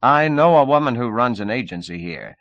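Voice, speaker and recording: A man voicing a confident middle-aged male agent who talks in a brisk, coaxing way. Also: medium pitch, expressive, fairly bright tone, no echo, dull audio, pitched above the performer's own voice.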